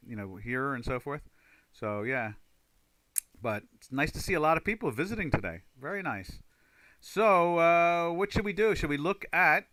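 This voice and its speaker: A man's voice: mid-range voice, sharp tone, no room sound. A man hosting a live trading stream, chatting casually, rambling with many fillers and reading viewer comments aloud. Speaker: trading livestream host.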